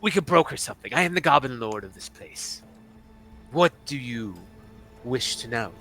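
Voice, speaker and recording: A man's voice: medium pitch, lively intonation, moderate pace, fairly bright tone, faint music behind. A man voicing a finely dressed male goblin lord with a pirate look, who is sly and scheming and keeps repeating his words. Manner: wheedling, repeats words, brusque insults.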